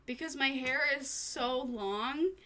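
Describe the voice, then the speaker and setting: Bright-voiced tired woman streamer. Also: high-pitched, slow pace. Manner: tired, rambling, self-talking with little laughs. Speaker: vtuber streamer. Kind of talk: casual live-stream chat.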